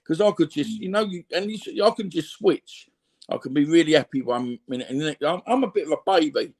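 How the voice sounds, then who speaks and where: Appearing as an interview guest, a middle-aged Cockney man reflects candidly in a fairly high, expressive voice at a brisk pace. He tends to ramble and tacks on "you know what I mean" here and there.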